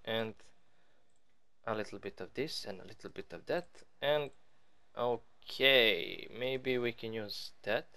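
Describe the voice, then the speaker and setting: A man's voice: medium pitch, lively intonation, takes it slowly, creaky, sharp tone. A man giving casual, rambling let's-play commentary as he builds in a game, joking at his own expense. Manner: rambling, playful, self-mocking. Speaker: gaming channel host.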